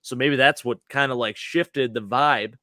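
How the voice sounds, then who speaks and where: A man with a hoarse, worn-out voice, chatting excitedly and rambling about a football game on a fan podcast. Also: mid-range voice, measured pace, dry recording, clean studio sound. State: hoarse, lost his voice. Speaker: podcast panelist. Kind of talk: casual sports chat.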